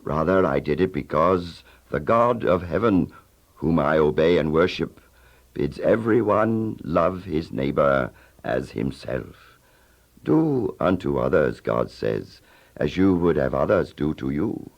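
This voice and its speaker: An actor playing a gate guard and a solemn patriarch in a dramatized audio Bible story, with a gravelly voice. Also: male voice, extremely low pitch, big pitch swings, takes it slowly, lo-fi sound, full character voice.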